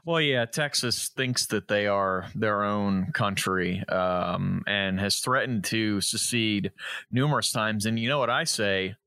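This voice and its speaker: Male podcast host; bright, brash, comic rants. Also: on the low side, slow, smooth, no room sound, clean studio sound. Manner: ranting, crude joking. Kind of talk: casual chat.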